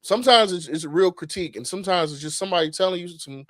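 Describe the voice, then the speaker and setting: A man's voice: sits high, very fast, no echo, studio quality. A middle-aged man co-hosting a podcast, talking casually and animatedly, swearing freely and restarting his sentences. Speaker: podcast co-host.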